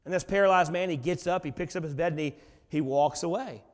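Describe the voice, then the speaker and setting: Casting: male pastor with a high voice, dramatic storyteller, heard in a big echoing sanctuary. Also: fast talker. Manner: dramatic storytelling, swinging between soft and loud. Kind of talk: sermon. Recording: long reverb of a large hall.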